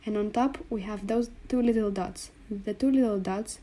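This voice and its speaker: A woman with a mellow, mid-range voice explains Greek letter combinations written on a board. She speaks slowly and patiently, sounding out each one and repeating it for the learner.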